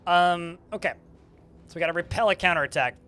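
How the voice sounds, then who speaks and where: A man's voice: high voice, a little fast, pushed and bright, clear, resonant tone, faint music behind. A man casually commentating a strategy game while streaming, chatty and swearing now and then. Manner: chatty, swearing, talks to chat.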